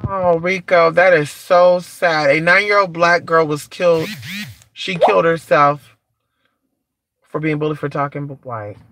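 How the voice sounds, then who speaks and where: A man from California chats casually on a live stream in a bright, forceful voice that sits a little high. He is flamboyant and sassy, calls his listeners honey and keeps cheering the chat on with "come on". He talks into a phone or computer mic. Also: fairly even intonation, a little slow.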